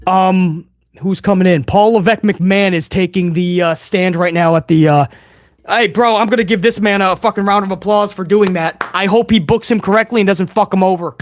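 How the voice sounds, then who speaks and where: A man hosting a live wrestling reaction stream, talking casually and excitedly, swearing and calling his viewers bro. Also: high-pitched, fairly quick, no room sound. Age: older adult fan. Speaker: livestream host reacting to wrestling.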